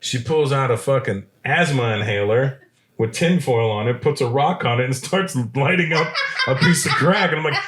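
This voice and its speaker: A man's voice: medium pitch, moderate pace, fairly bright tone, reverberant, a little hiss or hum. A man around fifty from Canada hosting a podcast, telling a profane story and acting out the quoted voices. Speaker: podcast host.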